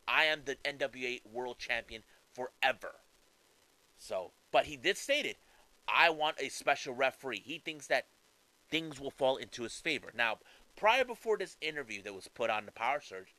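Animated, bright-voiced man commentating on wrestling. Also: mid-range voice, poor audio. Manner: animated, conversational, fillers and restarts. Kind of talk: casual commentary.

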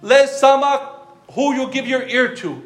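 Male preacher, very high voice, sermon with rhetorical questions and mixed languages, reverberant room. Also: a little slow, faint music behind. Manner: repetitive rhetorical questions, calls listeners by name; switches between English and another language mid-sentence.

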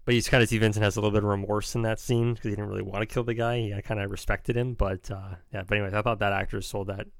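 A man's voice: on the low side, level tone, rapid-fire, gravelly, hardly any pauses, no room sound. A young man rambling casually about favourite film scenes as a podcast host, with lots of "like" and restarts. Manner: rambling, restarts often, uses "like" a lot. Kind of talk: casual chat.

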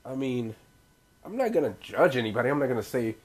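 Man, husky voice, lively swooping pitch, casual profane vlog rant, rambling. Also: quick pace. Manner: loose, swearing, laughing, rambling asides. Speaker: vlogger.

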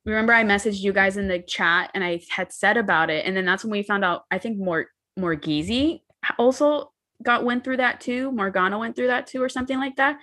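A woman's voice: mid-range voice, fairly quick, bright, forceful tone. A young woman in casual chat, telling candid, rambling stories with some swearing.

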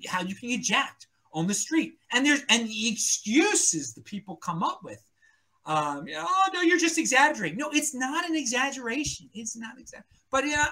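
Animated rambling man with a Baltimore accent. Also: sits high. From Baltimore County, Maryland. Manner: rambling, animated, repeats words and restarts. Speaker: podcast guest. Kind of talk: opinionated casual chat.

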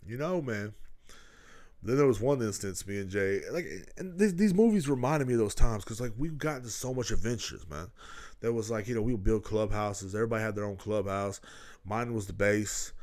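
A man's voice: on the low side, fairly quick, a little mellow. A man, hosting a podcast and telling rambling, profane stories, laughing as he goes. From Texas. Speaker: podcast host. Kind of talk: casual storytelling.

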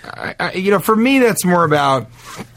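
Deadpan man telling absurd jokes. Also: sits high, moderate pace, dry recording. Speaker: podcast co-host. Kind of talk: casual comedy chat.

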